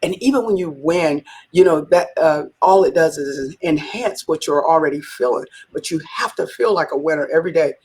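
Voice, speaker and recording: Husky-voiced woman telling a lively story. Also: low voice, moderate pace, hardly any pauses. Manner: animated, acts out quotes in the telling. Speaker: business leader, interview guest. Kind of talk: conversational interview storytelling.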